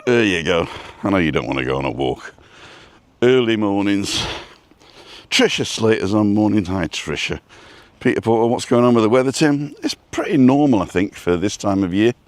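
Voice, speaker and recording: Walking outdoors along a street, a man livestreams into a phone on a selfie stick, rambling casually and greeting his viewers by name as a vlog host. He has a lowish, animated voice at a moderate pace, and the recording is dry.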